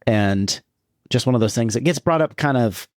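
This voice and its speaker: Male co-host, laid-back, quick to laugh, casual swearing, dry close mic. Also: mid-range voice, lively intonation, no room sound. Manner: laughs often, loose and swearing, trails off. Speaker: podcast co-host. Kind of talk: casual movie-review chat.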